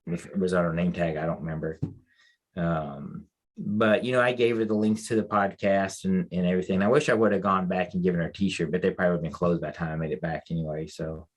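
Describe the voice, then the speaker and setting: A fast-talking American man with a low voice recounts a story on a veterans' podcast, which he co-hosts as a mental health advocate. His telling is loose and rambling, full of restarts and emotion.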